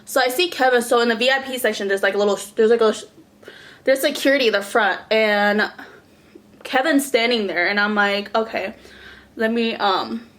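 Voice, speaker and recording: A young woman vlogger telling a storytime in a casual, animated way, swearing and saying "like" a lot. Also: a little high, a little fast.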